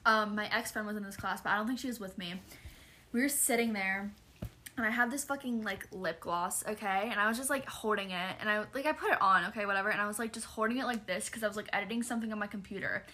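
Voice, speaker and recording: Bright-voiced young woman telling a story. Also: mid-range voice, quick pace, slight background noise. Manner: animated, profane storytelling. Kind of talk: casual chat.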